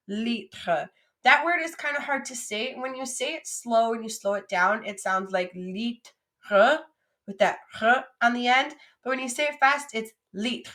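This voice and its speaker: A young adult woman teaching a French vocabulary lesson, modelling each word slowly and coaxing her students to repeat after her. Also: on the high side, fairly bright tone. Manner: slow, drawn-out modelling of each French word, then quick English asides.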